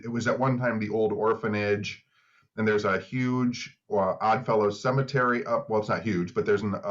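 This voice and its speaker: Low-voiced laid-back man. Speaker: podcast co-host. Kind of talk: casual chat. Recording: slightly dull lo-fi mic.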